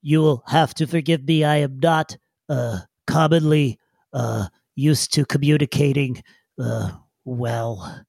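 A man voicing a timid, stiffly formal male burrowing armadillo-like alien who speaks haltingly. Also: medium pitch, creaky, a little mellow, dry recording, clean studio sound, pitched below the performer's own voice. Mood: hesitant.

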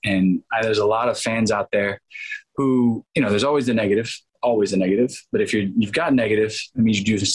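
Husky low-voiced man telling stories. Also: rough recording. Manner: animated, acts out quoted dialogue in other voices. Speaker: actor, interview guest. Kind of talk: casual interview storytelling.

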